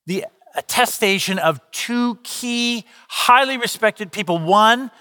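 A male pastor preaching with a high, bright voice and lively storytelling. His words ring out with a long reverb, as if in a large church hall. He is middle-aged and talks to the congregation in a casual, conversational way. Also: takes it slowly, clear, resonant tone. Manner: conversational, animated storytelling with quoted dialogue. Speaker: lead pastor. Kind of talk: sermon with storytelling.

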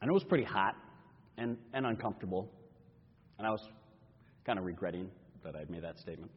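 A male pastor preaches a dramatic first-person story in an expressive, storytelling manner. His husky, high-set voice swings widely in pitch. It carries a long sanctuary reverb on a muffled, dull recording. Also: a little fast. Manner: expressive storytelling, exasperated and animated. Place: church sanctuary.

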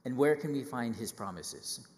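A middle-aged man preaching a sermon to children, lively and full of questions, acting out quoted voices. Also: medium pitch, normal speed, long reverb tail.

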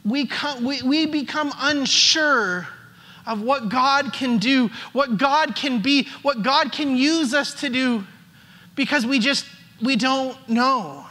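A man's voice: extremely high pitch, slow pace, pushed and bright. A male pastor giving a conversational sermon, often repeating words as he starts a phrase. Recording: long hall reverb.

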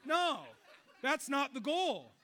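A middle-aged man preaching a sermon, animated, swinging between loud exclamations and quiet low stretches. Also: takes it slowly. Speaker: pastor.

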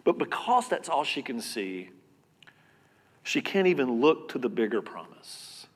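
A man preaching a sermon as pastor, earnest and conversational, repeating words and swinging between loud and soft. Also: mid-range voice, sing-song, a little slow, slightly rough. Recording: long reverb of a hall.

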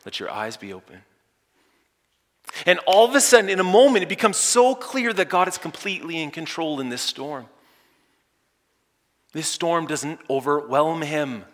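A male pastor preaching a sermon with great drama, dropping to hushed near-whispers and then rising to loud, emphatic lines. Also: fairly high pitch, moderate pace. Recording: echoey church hall.

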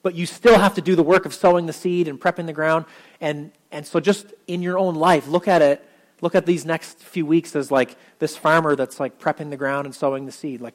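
A man's voice: fairly high pitch, normal speed. A man preaching a sermon as pastor, talking casually with lots of fillers and restarts.

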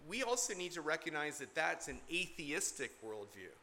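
Man, pastor, sermon, earnest, emphatic, slightly high voice, bright tone. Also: big pitch swings, moderate pace, slight background noise. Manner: earnest, emphatic, repeats key points. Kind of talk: expository sermon.

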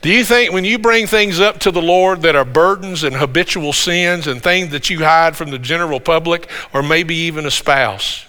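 A man preaching a sermon, earnest and animated, building to emphatic high points as he reads and explains scripture. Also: normal speed, few pauses, long reverb tail.

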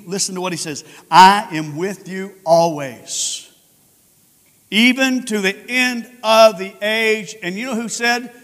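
Male pastor preaching, high voice, loud peaks and hushed stretches, echoing sanctuary. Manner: swings from shouted proclaiming to low quiet tones. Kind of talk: sermon. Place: church sanctuary.

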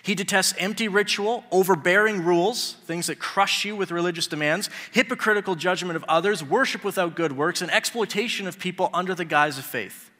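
A man's voice: high-pitched, fairly quick, hardly any pauses, pushed and bright, long reverb tail. A man preaching a sermon in a conversational way, asking the congregation rhetorical questions. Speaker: pastor.

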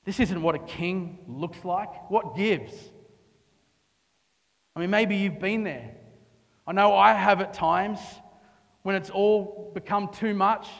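A man preaching in a high, bright voice that rings with long reverb through a large hall. He delivers a dramatic sermon, sinking to a hushed hush and then surging into impassioned pleas. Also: slow pace, creaky, long pauses. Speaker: pastor.

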